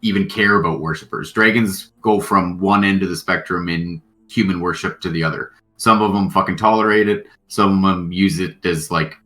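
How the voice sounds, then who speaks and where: A man's voice: deep voice, fairly even intonation, moderate pace, hardly any pauses, sharp tone. A young man narrating as game master in casual chat, rambling with fillers and restarts.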